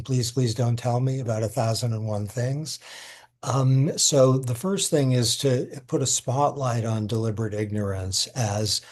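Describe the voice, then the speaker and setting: An older man, a law professor, answering interview questions in a thoughtful, halting way, at times emotional. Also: mid-range voice, darkish tone, husky.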